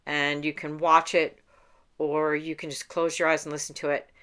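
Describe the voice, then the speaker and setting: A woman coach talks through meditation steps in a calm, unhurried way. Her voice sits low and sounds smooth and clear. She laughs lightly now and then as she explains. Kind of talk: instructional talk to camera.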